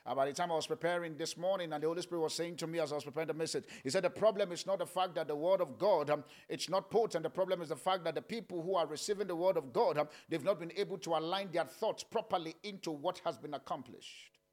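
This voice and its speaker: A man preaching a sermon, swinging between loud calls and soft, low murmurs, with frequent "uh" fillers. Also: quick pace, few pauses. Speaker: pastor.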